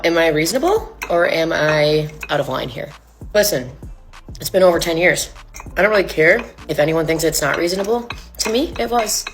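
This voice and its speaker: A woman telling a personal story in a chatty way, full of fillers and acted quotes. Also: fairly low pitch. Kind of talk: storytime video.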